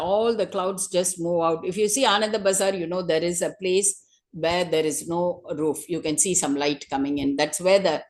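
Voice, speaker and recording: A woman telling a sacred story to a class in a loose, conversational way. She leans on "you know" and "uh" between phrases. Her pitch sits fairly low for a woman. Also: darkish tone. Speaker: devotee giving a religious class. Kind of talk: storytelling talk.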